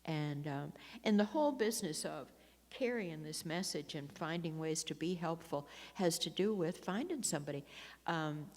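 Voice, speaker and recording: A woman's voice: low-pitched, animated, normal speed, a little mellow. A woman giving a personal talk at a recovery meeting, telling rambling stories with frequent laughs and restarts. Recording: long hall reverb.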